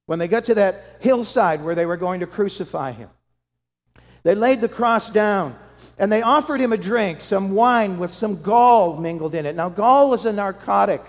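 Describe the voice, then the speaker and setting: A pastor preaching a dramatic sermon that swings from loud to hushed. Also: male voice, high voice. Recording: long hall reverb.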